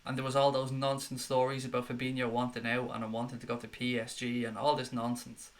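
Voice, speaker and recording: A young man hosting a football fan live stream, chatting excitedly and reading out viewer comments. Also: mid-range voice, brisk. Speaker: football fan channel host. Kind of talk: live-stream chat reaction.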